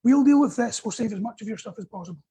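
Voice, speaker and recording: A calm firefighter in charge, as a man puts him on, speaks with steady authority and soothing reassurance. The voice is slightly husky and stays level and unhurried. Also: sits high, full character voice. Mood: reassuring.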